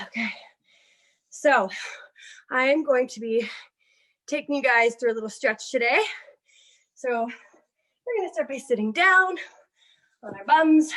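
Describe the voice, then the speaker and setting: A Canadian woman with a high, bright-sounding voice leads a home workout as the coach. She talks upbeat and encouraging, cheering people on through the reps and counting down each round. She is out of breath from keeping up with the class. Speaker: fitness coach.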